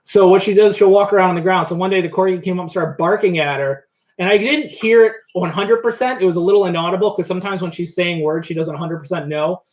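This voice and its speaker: A young man with a notably high voice, chatty and friendly, walking viewers through his animals and cooing at them as he goes. He is recorded in an echoey room at home, and the sound is a little dull. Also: fast talker, darkish tone. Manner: chatty, coos at his pets. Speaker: animal educator. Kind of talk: live-streamed animal show.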